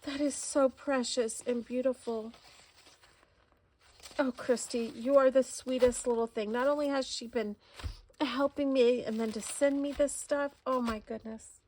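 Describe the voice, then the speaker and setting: A woman's voice: on the high side, steady tone, unhurried, a little mellow, a little hiss or hum. A woman unboxing gifts at home in a casual vlog, effusive and full of exclamations. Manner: gushing, effusive, many exclamations. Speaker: crafting vlogger. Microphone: camera recording.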